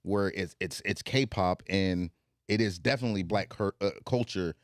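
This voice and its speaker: Animated Southern Black man talking. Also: deep voice, moderate pace, no echo, clean studio sound. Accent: Southern African American. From Southern United States. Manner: animated, digressive storytelling. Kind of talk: casual chat.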